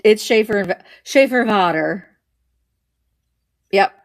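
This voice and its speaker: A woman's voice: mid-range voice, animated, a little slow, fairly bright tone. A middle-aged woman hosting a casual live stream from home, rambling cheerfully as she greets viewers and shows vintage finds from her shelves. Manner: chatty, rambling, greets viewers while showing items.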